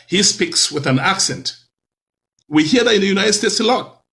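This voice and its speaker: A man hosting a talk show, speaking in a lively, preacherly way with many rhetorical questions. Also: high-pitched. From Cameroon.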